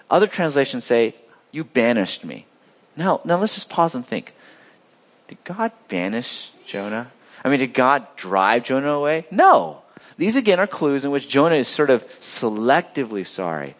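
Animated male pastor preaching. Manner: animated preaching, swings between loud emphasis and quiet low asides. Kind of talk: sermon.

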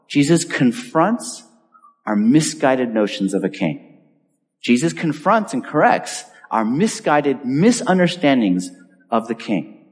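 A man preaching a sermon as pastor, telling the story in a lively, conversational way and acting out the quotes. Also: a little high. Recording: long hall reverb.

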